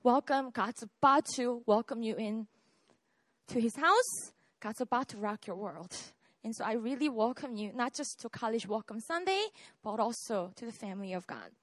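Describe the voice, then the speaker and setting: In a dry recording, a woman in her 30s from South Korea gives a sermon with personal testimony about her own faith. Her fairly high voice is animated and moderately paced, and she keeps things conversational, checking in with "right?" and "okay?"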